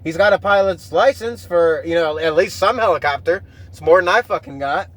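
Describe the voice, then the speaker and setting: Casting: high-pitched male podcaster, loose rambling rant, swears a lot, keeps restarting thoughts. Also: normal speed, a bit bright. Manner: profane, rambling, with frequent restarts. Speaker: podcast host. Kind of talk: casual rambling monologue.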